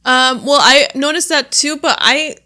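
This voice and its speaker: Young woman, podcast host, casual chat, bright tense voice, filler-heavy. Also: high voice, unhurried. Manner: chatty, lots of "like" and laughs.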